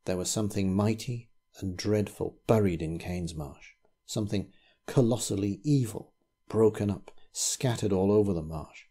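A man reading a ghost story aloud in a measured, grave storytelling manner. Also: on the low side, warm tone. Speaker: narrator.

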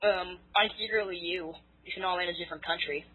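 An American teenage girl chatting casually as a guest, teasing and deadpan. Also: lowish voice, fast, slightly rough, no echo. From United States. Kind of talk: casual chat over voice call. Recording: tinny lo-fi voice-call audio.

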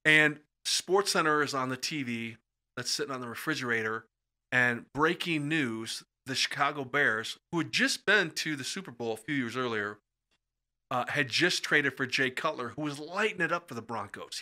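Animated middle-aged storyteller, bright voice. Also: male voice, mid-range voice, moderate pace. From USA. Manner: animated, acts out quoted voices. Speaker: podcast guest storyteller. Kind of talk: casual storytelling in conversation.

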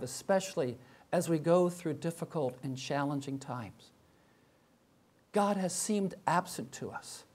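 His pitch leans high and his tone is slightly mellow. The speaker is an older professor giving a contemplative chapel sermon full of rhetorical questions.

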